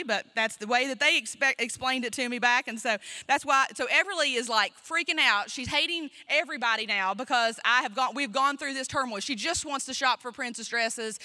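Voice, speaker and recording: Bright, chatty woman pastor telling a story. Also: high voice. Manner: chatty, self-mocking, full of asides. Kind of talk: storytelling sermon. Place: church.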